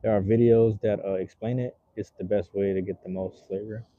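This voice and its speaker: A man's voice: lowish voice, fairly even intonation, moderate pace, no echo, narrow, tinny audio. A man hosting a casual livestream, chatting loosely and reading out viewers' messages, with a rambling, slang-filled manner while smoking a cigar. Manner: laid-back, rambling, reads chat aloud with slang. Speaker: livestream host.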